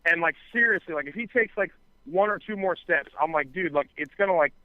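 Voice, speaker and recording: A man co-hosting a podcast, voice on the high side and brisk, rambles casually through a lengthy tale full of swearing and fillers, dramatizing what others said. The audio is dry and tinny, resembling a phone.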